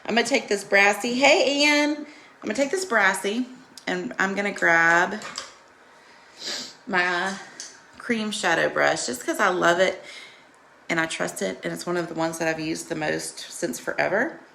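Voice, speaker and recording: Chatty woman with a gravelly voice. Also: medium pitch, unhurried, long pauses, sharp tone, a little hiss or hum. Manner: chatty, greets viewers by name while demonstrating; reassuring, coaching tone. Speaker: makeup tutorial host. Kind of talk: live makeup tutorial.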